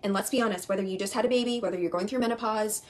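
A young woman recruiter giving an emphatic, repetitive sales pitch to her team, often calling them "you guys". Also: very fast. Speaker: network marketing recruiter.

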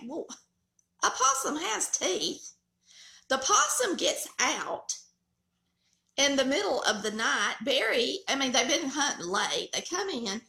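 A woman's voice: sits high, vocal fry, roomy sound. A middle-aged woman with a Southern accent, hosting a cooking channel and telling family stories in a folksy, chatty way. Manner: folksy, animated storyteller. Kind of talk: casual storytelling chat.

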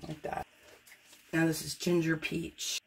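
A woman's voice: low-pitched, completely flat delivery, a little slow, creaky, a little hiss or hum. A woman painter demonstrating fluid art, chatting in a joking, self-deprecating way and talking through each step as she works. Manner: talks through each step while working.

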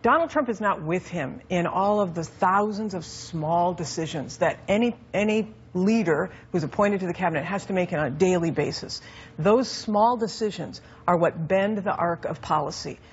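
Female commentator, lower register, pointed argumentative delivery, lo-fi broadcast sound. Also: slight background noise. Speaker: political commentator. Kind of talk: broadcast panel discussion. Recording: dull lo-fi broadcast audio with faint background.

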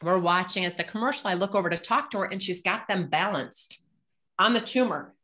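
A woman with a fairly low voice tells personal stories to a panel audience. She is blunt and humorous and swears without hesitation. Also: brisk, sharp tone. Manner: frank, humorous, swears freely. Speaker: panel speaker. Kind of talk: candid personal storytelling.

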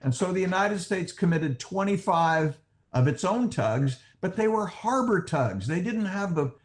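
A man's voice: sits high, animated, unhurried. A man speaking as a historian on a panel, explaining with animation. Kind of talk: panel discussion.

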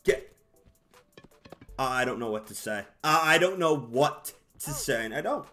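A man commentating his own baseball video game, excitable and exasperated, shouting at his players. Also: mid-range voice, a little slow, soft background music. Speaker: gaming YouTuber. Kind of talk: live gameplay commentary.

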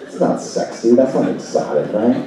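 A man doing a stand-up set on stage, Spanish his first language, lively and quick to slip into put-on voices, with an audience laughing. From Salvadoran and Brazilian family. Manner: animated, jumps into high put-on voices for bits. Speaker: stand-up comedian. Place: comedy club stage. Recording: distant mic in a noisy, echoey club.

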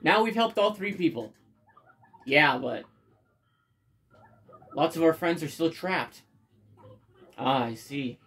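Excitable, swearing let's play gamer. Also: medium pitch, slow pace, pauses often, slight background noise. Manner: excitable, loud bursts of cheering, frequent swearing. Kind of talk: game commentary. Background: faint game music.

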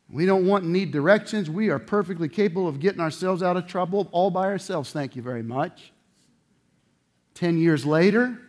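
A middle-aged male pastor preaching a sermon, animated, acting out little voices and swinging between loud outbursts and low asides.

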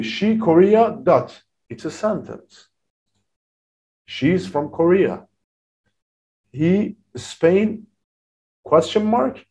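A man teaches a beginner English class at an unhurried, deliberate pace. His pitch rises and falls a lot as he stresses key words for learners. The delivery is careful and drawn out. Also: a little mellow.

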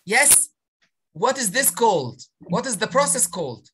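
A woman's voice: a little high, big pitch swings, measured pace, a bit bright, breathy edge. A woman teaching an online spelling lesson on a video call, encouraging her pupils and sounding out syllables.

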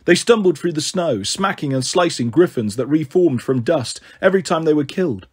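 A male audiobook reader with a slightly raised pitch and a husky edge to his voice. He moves through the story in a steady, even narrating manner, without rushing.

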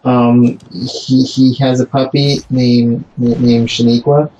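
Deadpan man on a dull mic. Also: medium pitch, slow pace, raised voice, slight background noise. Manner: dry, deadpan jokes. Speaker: let's play co-host. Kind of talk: casual gaming banter.

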